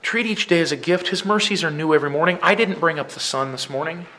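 Man, teacher, inspirational talk, impassioned, emphatic, forceful bright tone. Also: a little high, fast. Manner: impassioned, emphatic, swings between loud and hushed. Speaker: teacher speaking to fellow teachers. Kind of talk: earnest inspirational talk with poem recitation.

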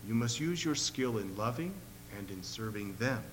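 A man reading the lines of a kind, frank old man who speaks gently and steadily, in a long-echoing hall with a faint hum. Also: lowish voice, lively intonation, moderate pace, close to an everyday voice. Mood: gentle.

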